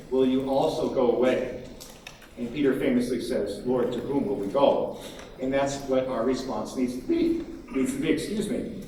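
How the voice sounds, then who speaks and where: A man giving a conference keynote, animated and emphatic, acting out quotes from crowds. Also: mid-range voice, slight background noise. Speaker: keynote speaker. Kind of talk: conference talk. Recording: echoey hall from far off, faint ambience.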